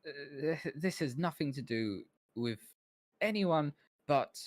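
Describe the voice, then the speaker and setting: A man's voice: a little high, lively intonation, takes it slowly, no echo, voice pushed up. A man voicing a resentful, whiny young male bookkeeper's assistant who stammers petulantly.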